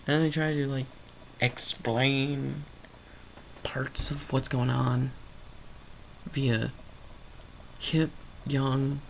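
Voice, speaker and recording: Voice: medium pitch, little pitch movement, drawn-out words, gravelly, long pauses, a little hiss or hum, poor audio. A vlogger rambling through an unscripted movie review, sarcastic and emphatic, often correcting themself mid-sentence. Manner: rambling, stream of consciousness, self-correcting.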